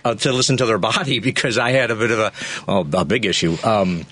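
A man's voice: fairly low pitch, fast, fairly bright tone. A man, a radio show producer, telling a rambling on-air story with chuckles. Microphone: studio microphone.

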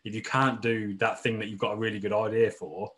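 A man from the English Midlands co-hosts a podcast in a relaxed, chatty way, musing aloud and trailing into fillers. His voice sits somewhat low. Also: fairly quick. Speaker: podcast co-host. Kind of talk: casual chat.

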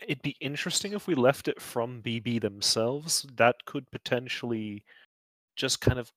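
A man's voice: mid-range voice, normal speed, a bit bright, no room sound. A man playing a tabletop game, speaking hesitantly with stop-start phrasing. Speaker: player. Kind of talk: casual tabletop play.

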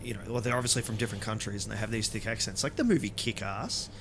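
A man co-hosting a casual film podcast, telling stories in an excitable way. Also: lowish voice, fast, slight background noise. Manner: animated, excitable storyteller. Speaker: podcast co-host.

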